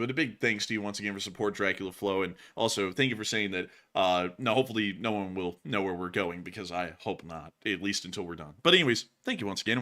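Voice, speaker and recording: An excitable male host chatting on a livestream, quick to laugh. His voice is bright and forceful, and his pitch swings widely as he talks. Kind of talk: casual livestream chat.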